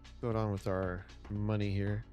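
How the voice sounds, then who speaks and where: A man's voice: fairly low pitch, little pitch movement, a little mellow, dull audio, faint music behind. A man casually talking through his city-building gameplay, muttering to himself as he builds. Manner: slow, muttering narration of his own moves. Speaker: gaming streamer.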